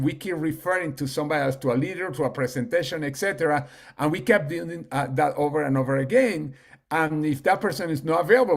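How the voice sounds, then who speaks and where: Halting man with a gravelly voice. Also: fairly high pitch. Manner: halting, many fillers and restarts. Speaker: team leader and coach. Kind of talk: casual team training talk.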